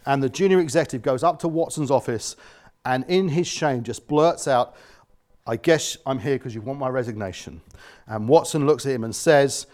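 With a mid-range voice at normal speed, this pastor preaches earnestly, swinging between hushed and loud delivery. He frequently performs the voices of the people he quotes.

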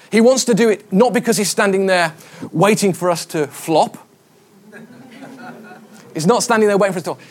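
A middle-aged man, a pastor, preaching a conversational sermon, with stories and quoted voices. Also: sits high.

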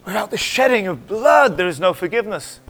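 High-voiced pastor preaching a dynamic sermon. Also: male voice, sing-song, fairly quick. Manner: dynamic preaching, swings from loud exclamations to hushed whispers; conversational, asks the congregation questions. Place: church.

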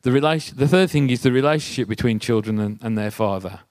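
A man's voice: medium pitch, fast talker, a little mellow, dry recording. A man giving a conversational sermon, telling a personal story and asking the congregation rhetorical questions. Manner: chatty, asks the audience rhetorical questions. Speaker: church speaker.

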